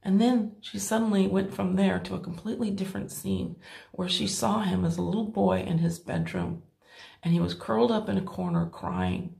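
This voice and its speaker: A woman's voice: medium pitch, moderate pace, gravelly. A woman coaching and casually retelling a client's session, quoting both sides with lots of "like". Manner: animated retelling, uses "like" often, acts out quotes. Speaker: hypnosis coach telling a client story. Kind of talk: casual storytelling chat.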